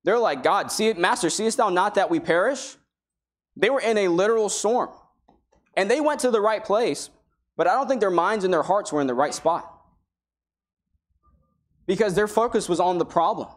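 A man's voice: high voice, lively intonation, moderate pace, pauses often. A man preaching a sermon in an earnest, conversational way, weaving in King James Bible quotations.

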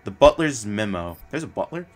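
A man giving casual, profane commentary while he plays, swearing often and blurting out quick reactions. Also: on the low side, sing-song. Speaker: gameplay streamer.

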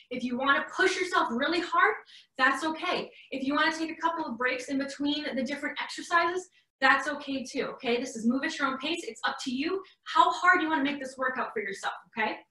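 A young woman with a high-pitched, pushed and bright voice coaches a live online workout class from across an echoey room, far from the mic. As the fitness coach, she keeps her instructions upbeat and encouraging. She's slightly out of breath.

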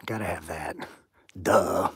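A man's voice: low voice, takes it slowly, breathy edge, no echo, clean studio sound. A man hosting a live stream outdoors at dusk, chatting casually and reading viewer comments aloud. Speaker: channel host on a live stream. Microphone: phone or camera on a tripod.

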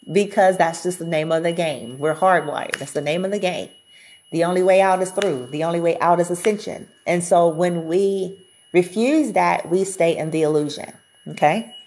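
Blunt, chatty woman with a lowish voice. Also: moderate pace, a little mellow, slight background noise. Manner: chatty and blunt, swears freely; repeats and restarts while thinking aloud. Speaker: spiritual reader. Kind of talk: casual spiritual talk to viewers.

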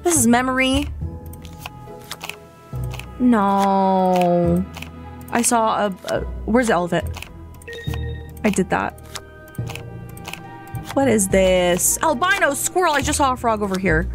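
A woman's voice: on the high side, expressive, normal speed, pauses often, soft background music. A young woman casually chatting and muttering to herself as she plays a video game on a live stream, often repeating words under her breath and giggling. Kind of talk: casual live gameplay chat.

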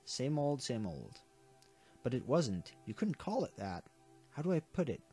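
A man's voice: a little high, sing-song, normal speed, warm tone, breathy edge, faint music behind. A man reading a visual novel aloud for a let's play, earnest but stumbling and correcting himself now and then.

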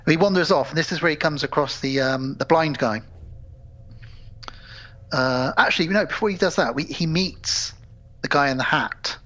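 A man's voice: on the high side, normal speed, pauses often, a bit bright, lo-fi sound. A man co-hosting a casual podcast, retelling film scenes and acting out the characters' lines. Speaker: podcast co-host.

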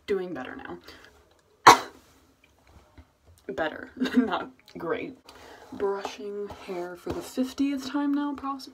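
A woman's voice: mid-range voice, takes it slowly, long pauses, noisy background. Rambling self-mocking woman vlogger. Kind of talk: casual chat. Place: at home, indoors.

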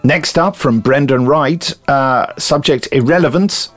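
A man co-hosting a podcast, chatting casually and reading listener emails aloud in a lively, amused way. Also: medium pitch, measured pace, soft background music. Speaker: podcast co-host.

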